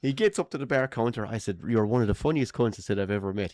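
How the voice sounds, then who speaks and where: A man's voice: medium pitch, animated, fast talker, darkish tone, no echo, studio quality. An Irish man co-hosting a live golf watchalong from a bar, telling a story in casual, swearing, laughing style. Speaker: watchalong co-host.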